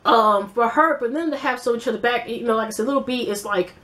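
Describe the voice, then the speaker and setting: Brief: slightly high-voiced woman vlogger, loose and profane, talks in run-on asides. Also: fast, a bit bright. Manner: rambling, blunt, profane, many fillers. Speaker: YouTube TV-show reviewer. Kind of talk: casual vlog commentary.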